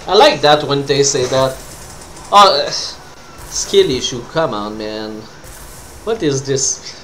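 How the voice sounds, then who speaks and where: A man's voice: mid-range voice, very animated, unhurried, slight background noise. A man with a French accent giving casual, rambling commentary over gameplay, sounding tired. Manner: rambling, with trailing fillers. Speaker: streamer.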